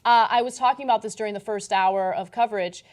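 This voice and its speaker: Animated woman hosting a talk show. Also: mid-range voice, fast. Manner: animated storyteller. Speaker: host. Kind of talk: casual political talk show.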